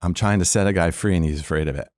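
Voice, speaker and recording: In a storytelling interview on a podcast, this ex-police officer delivers a long tale rapid-fire, bringing the people he quotes to life and laughing often. His voice sits low, and the clean studio sound has no room noise.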